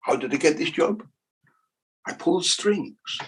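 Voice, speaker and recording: A man voicing an old German astronomer in a put-on German accent, with mock-German word endings and slow, emphatic explaining. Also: a little high, slightly rough, voice pushed up, poor audio. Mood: earnest explaining.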